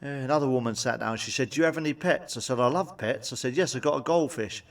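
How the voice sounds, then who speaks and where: A man's voice: mid-range voice, fast talker, distant mic. A man telling blunt, sweary stand-up jokes and tagging them with cheeky questions. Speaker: stand-up comedian. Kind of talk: stand-up joke monologue.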